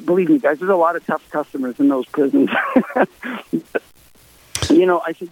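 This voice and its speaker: A man's voice: on the high side, moderate pace, creaky, long pauses. A male musician, a guest in a phone interview, telling stories with emphatic repetition. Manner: emphatic, repeats for stress. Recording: tinny dry phone line.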